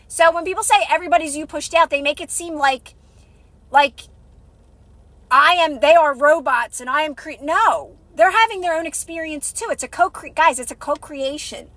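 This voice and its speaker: A woman's voice: high-pitched, sharp tone, no echo. A woman with children giving a motivational talk on a live stream, emphatic and repetitive, acting out little scenes as she goes. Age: adult with kids. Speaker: manifestation coach.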